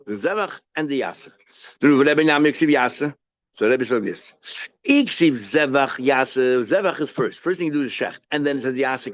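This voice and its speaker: A rabbi teaching a daily Talmud page in a casual lecture, asking questions and answering them himself, mixing English with Hebrew and Yiddish terms. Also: male voice, medium pitch, highs cut off.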